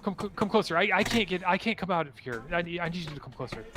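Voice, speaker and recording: A man's voice: sits high, animated, very fast, pitched above the performer's own voice. Man putting on a stammering trapped wizard. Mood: pleading. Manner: stammering, pleading. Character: desperate amnesiac wizard trapped in stones.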